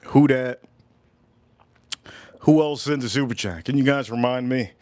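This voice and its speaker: A man hosting a casual cooking and tasting livestream, who talks in a drawn-out, playful way and repeats his phrases. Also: mid-range voice, a little mellow, no room sound. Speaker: livestream host.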